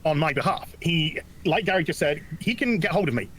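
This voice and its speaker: A male YouTuber in a clip sounds defensive and aggrieved. His voice sits a little high and moves quickly. Faint room ambience hangs behind him. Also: animated, a bit bright, slight background noise. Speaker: YouTuber speaking in a played clip.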